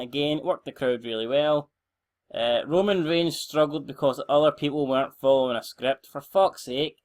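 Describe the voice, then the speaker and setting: A young Scottish man giving rambling, blunt, sweary commentary on a game he is playing. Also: on the high side. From Scotland. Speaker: gaming channel host.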